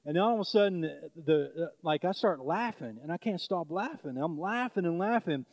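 A man with a high voice tells a story from the pulpit in a loose, conversational way, full of fillers and restarts. The recording is dry and close. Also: expressive, normal speed, darkish tone, dry recording. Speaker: preacher. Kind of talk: sermon storytelling.

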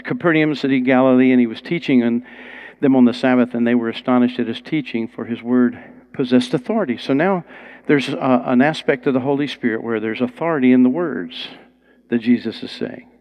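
A man's voice: mid-range voice, brisk, dull audio. A man preaching a sermon in a conversational, storytelling way. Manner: conversational, rising to excited storytelling.

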